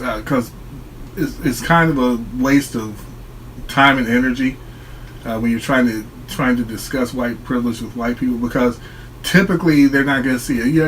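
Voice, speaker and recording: A man's voice: mid-range voice, slight background noise, low-quality recording. A man talking straight to his viewers in a solo vlog, explaining his view in an earnest, reflective way. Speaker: online commentator.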